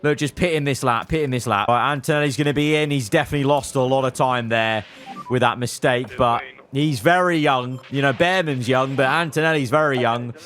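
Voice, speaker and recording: Talking fairly quickly, a young man gives live commentary on his racing management gameplay for his gaming videos. He speaks directly to his drivers, his volume jumping from low mutters to loud outbursts.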